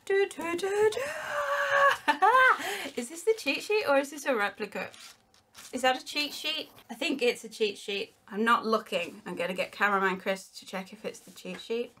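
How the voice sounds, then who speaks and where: Bright-voiced gushing woman. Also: fairly high pitch, slight background noise. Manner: gushing, giggly, exclamatory. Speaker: unboxing vlogger. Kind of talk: excited unboxing chat.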